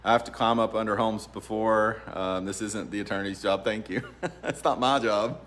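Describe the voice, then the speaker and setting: At a law office, a real estate attorney with a lowish voice talks at a normal speed, offering easygoing, meandering advice. He laughs a lot and peppers his speech with ums.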